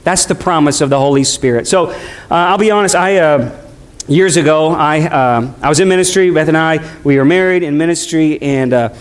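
A middle-aged man, a pastor, preaching a sermon in a conversational way, speeding up and slowing down as he tells a story. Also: fairly high pitch. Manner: conversational preaching with shifting pace.

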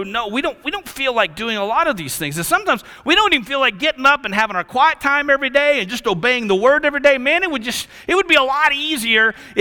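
A man preaching a sermon, telling stories in an animated, casual way. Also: extremely high pitch, smooth. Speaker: pastor. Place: church hall. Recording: reverberant church hall.

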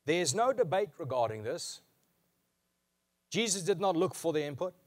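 A man's voice: a little high, very animated, a little mellow. Emphatic man preaching a sermon. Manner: emphatic preaching, slowing and repeating key lines. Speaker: pastor.

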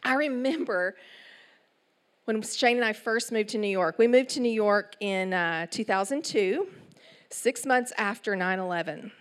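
A middle-aged woman with an East Texas accent, preaching a sermon in an animated storytelling way with asides. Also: medium pitch, measured pace. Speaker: church speaker.

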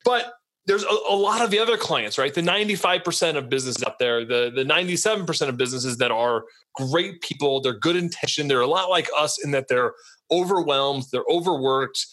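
A man's voice: a little high, lively intonation, a little fast, fairly bright tone. A man hosting a podcast interview, talking in a loose, rambling way and often checking in with "right?". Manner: rambling, conversational, many tag questions. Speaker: podcast host. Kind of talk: casual interview chat.

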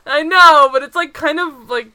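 A woman with a high, sharp-toned voice talks at a normal speed while co-hosting a casual podcast. She recaps a TV episode in rambling fashion, packing in plenty of "like" and laughing as she acts out scenes.

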